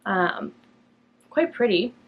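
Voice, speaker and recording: A young woman from Canada hosting a knitting podcast in a loose, chatty way. She rambles through her thoughts with plenty of fillers and small restarts, and her voice jumps up brightly whenever she quotes herself. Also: mid-range voice, lively intonation, slow pace, slightly rough, narrow, tinny audio. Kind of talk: casual chat to camera.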